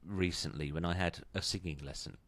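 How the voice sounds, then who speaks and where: A man's voice: low voice, a little fast, a bit bright, dry recording. A man hosting a podcast in casual chat, chatty and self-deprecating, laughing easily. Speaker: podcast host.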